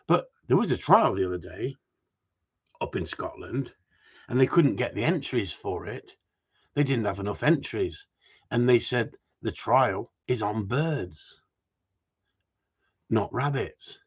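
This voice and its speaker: A man's voice: mid-range voice, slightly rough, lo-fi sound. A middle-aged man answering viewers' questions about gundog training, blunt and rambling, swearing casually. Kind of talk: live stream Q&A chat.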